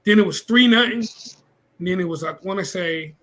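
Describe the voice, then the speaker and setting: A man with a high, bright, ringing voice, chatting on a casual sports podcast. He tells his stories with animation and keeps the talk moving. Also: a little fast, low-quality recording. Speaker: podcast co-host.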